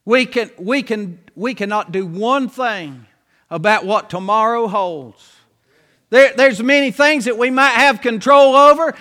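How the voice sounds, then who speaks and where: A man preaches in a very high, bright voice, stretching his words slowly and leaning hard on the key phrases. His voice carries a long reverb from a church hall. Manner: preaching with emphatic, drawn-out phrases and folksy asides. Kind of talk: sermon.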